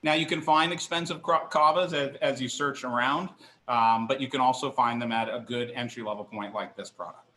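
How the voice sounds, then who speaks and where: A man's voice: medium pitch, fairly quick, bright, forceful tone, reverberant, slight background noise. A middle-aged man leading a live online wine tasting class, chatty and enthusiastic, poking fun at himself. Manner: chatty, enthusiastic, self-deprecating. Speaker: wine instructor. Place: kitchen counter, indoors.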